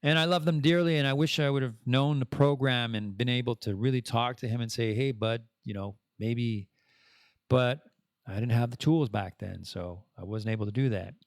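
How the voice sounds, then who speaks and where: A man from Canada hosting a casual podcast monologue, rambling and self-deprecating, with animated swings in his voice. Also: medium pitch, a little fast, vocal fry, no echo, clean studio sound. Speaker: podcast host.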